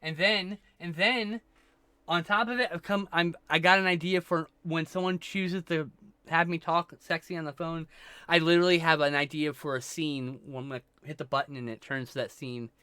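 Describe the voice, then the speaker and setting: Stoned male streamer, rambling and swearing, bright and a bit high-pitched, dry close mic. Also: steady tone, normal speed, clean tone, dry recording. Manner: rambling, scattered, swears a lot. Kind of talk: casual chat with chat.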